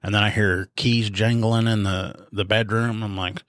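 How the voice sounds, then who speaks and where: A man's voice: on the low side, little pitch movement, normal speed, a bit bright, no echo, clean studio sound. A man co-hosting a podcast in casual chat. He laughs often and tells stories, quoting what people said. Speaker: podcast co-host.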